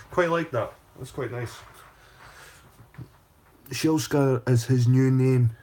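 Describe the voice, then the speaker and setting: Man, husky voice, mid-range pitch, casual livestream rant, swears a lot, rambles and repeats himself. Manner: profane, rambling, repeats phrases. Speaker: channel host.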